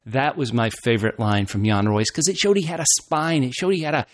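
Man, casual fan chat, animated, laughs a lot, mid pitch, dry close mic. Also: a little fast, no echo. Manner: animated, laughs often, restarts phrases. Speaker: podcast co-host.

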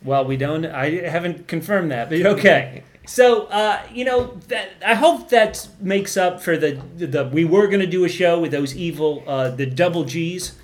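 Enthusiastic, mock-earnest podcast host. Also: male voice, a little high, moderate pace. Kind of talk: casual chat.

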